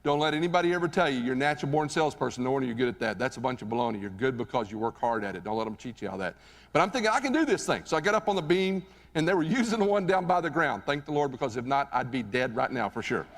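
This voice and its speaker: Animated male speaker in a reverberant hall. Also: mid-range voice, very fast. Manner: animated, conversational, asks the audience questions. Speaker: motivational keynote speaker. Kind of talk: live motivational speech with storytelling. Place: stage in a large hall.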